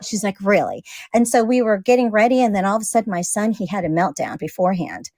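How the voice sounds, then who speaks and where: A woman's voice: medium pitch, animated, fast talker, a little mellow, no echo. A woman chatting casually as a guest, laughing often and acting out bits of family dialogue. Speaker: single mother. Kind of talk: casual conversation.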